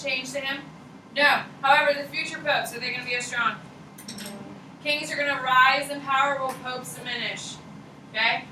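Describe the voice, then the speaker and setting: A woman teaching a high school history class, blunt and slangy, firing questions at her students. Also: sharp tone, a little hiss or hum. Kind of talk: classroom lecture. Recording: echoey classroom, mic far off.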